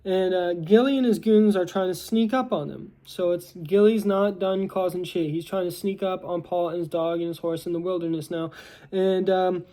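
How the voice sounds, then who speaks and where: A man's voice: sits high, steady tone, normal speed, warm tone. A young American man recapping a movie plot in a casual, rambling way, full of fillers and restarts. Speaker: movie reviewer.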